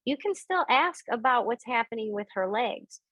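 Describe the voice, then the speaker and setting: A woman's voice: lively intonation, moderate pace, a bit bright, no echo, poor audio. A middle-aged woman on a video call, telling personal stories as she teaches about spirit and intuition, and acting out the voices of the people in them. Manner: storytelling, acts out quoted voices with big pitch jumps.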